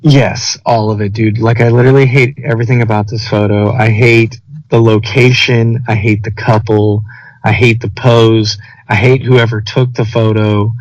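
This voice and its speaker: A man's voice: fairly low pitch, moderate pace, no room sound. A young man co-hosting a podcast, telling a story in casual chat, swearing and acting out the quoted lines. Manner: animated, profane, acts out quoted dialogue. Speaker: podcast co-host. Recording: slightly muffled podcast recording.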